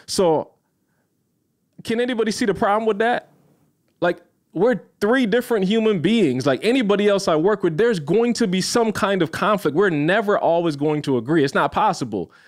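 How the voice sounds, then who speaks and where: A man co-hosting a podcast, talking in an earnest, reflective way and repeating phrases for emphasis. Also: on the high side. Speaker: podcast co-host. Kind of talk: casual chat.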